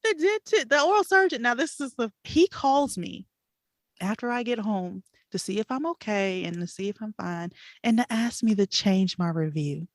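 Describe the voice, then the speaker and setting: A woman co-hosting a podcast, telling a story in an animated, chatty way with laughs and fillers. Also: a little high, normal speed, no room sound, clean studio sound. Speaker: podcast co-host. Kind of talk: casual storytelling chat.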